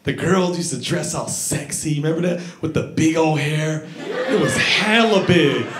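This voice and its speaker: A middle-aged man with a fairly high voice does a chatty stand-up set on a club stage at a measured pace, riffing and teasing the crowd. The echoey club recording is noisy, with audience laughter in the background.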